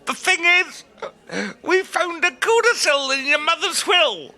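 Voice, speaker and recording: An actor playing a prim, patient lawyer who speaks precisely and formally in a comedy audio drama. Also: male voice, very high-pitched, unhurried, sharp tone, full character voice.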